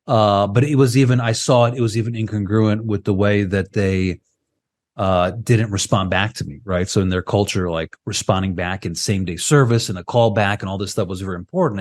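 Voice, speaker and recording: A man's voice: fairly low pitch, brisk. A man co-hosting a podcast over a video call, explaining at length in casual chat and often checking in with "right?". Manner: animated, keeps asking "right?". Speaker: podcast co-host.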